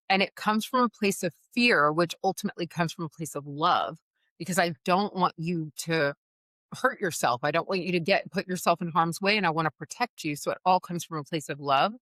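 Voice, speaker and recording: A woman hosting a podcast, telling a candid story about raising her son in an earnest, animated way, full of likes and you-knows. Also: on the low side, normal speed, no echo, studio quality. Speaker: podcast host.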